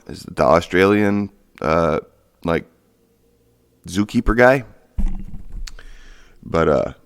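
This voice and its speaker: Low gravelly man ranting sarcastically. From Michigan, USA. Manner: sarcastic, profane, rambling with fillers. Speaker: podcast host. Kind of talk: casual solo rant.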